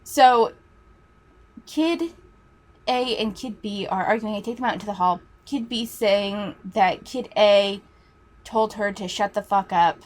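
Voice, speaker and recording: A woman's voice: medium pitch, measured pace. A woman teacher telling a story in a casual, chatty way, swearing freely.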